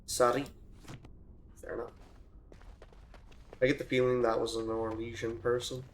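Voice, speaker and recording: A young man casually commenting on his own gameplay, thinking out loud with restarts, and turning loud and excitable during fights. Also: medium pitch, unhurried, slight background noise. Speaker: let's play gamer.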